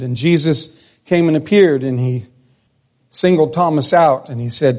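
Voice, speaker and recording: Emphatic male preacher, slightly high voice. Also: measured pace. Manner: emphatic preaching, repeats phrases, swings from loud to hushed. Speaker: pastor. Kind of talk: sermon.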